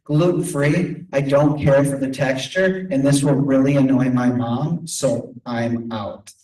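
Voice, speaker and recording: A man's voice: medium pitch, fairly even intonation, a little slow, mellow, natural voice. A man voicing his teenage son as a bored, contrarian boy, in a dismissive, offhand manner. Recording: echoey room from a distance.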